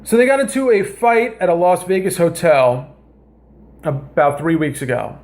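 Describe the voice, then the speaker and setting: A man hosting a comedy vlog, telling a story in a rambling, animated way and often cutting himself off mid-sentence. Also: fairly high pitch, normal speed. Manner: rambling, animated, self-interrupting. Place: home kitchen.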